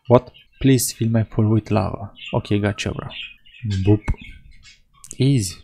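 This gaming video host from Europe narrates a playthrough, playfully voicing the in-game lines with mock characters. He speaks low and unhurried, with vocal fry, long pauses and a warm tone, over poor audio carrying a little hiss or hum.

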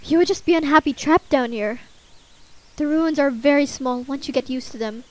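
A woman voicing a gentle, motherly goat woman from a game, reading her lines softly and slowly. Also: high-pitched, natural voice. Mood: soft sorrowful.

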